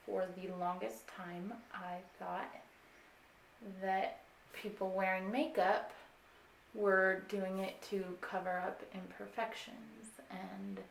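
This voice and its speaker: A young woman in her twenties walks through a casual makeup tutorial at an unhurried pace, speaking at a middle pitch. Her easygoing step-by-step explaining has plenty of filler words. The room lends a roomy echo, with faint ambience behind her. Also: a little hiss or hum. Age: 20s. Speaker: beauty vlogger.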